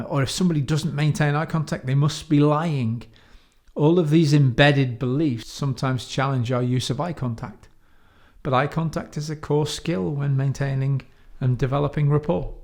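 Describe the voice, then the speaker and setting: A man from the United Kingdom giving a measured teaching talk on coaching, slowing down to stress key words. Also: fairly high pitch, darkish tone. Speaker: coach trainer.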